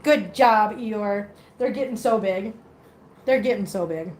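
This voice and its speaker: A woman's voice: medium pitch, unhurried, darkish tone, a little hiss or hum. A woman hosting a casual livestream at home, baby-talking to her cats and chatting with viewers. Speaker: host of a cat-care livestream.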